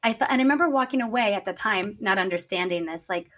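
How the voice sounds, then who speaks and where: A woman's voice: mid-range voice, fast talker, a bit bright. A woman speaking candidly in a podcast conversation, telling personal stories in an earnest way. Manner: earnest, storytelling, acts out quotes.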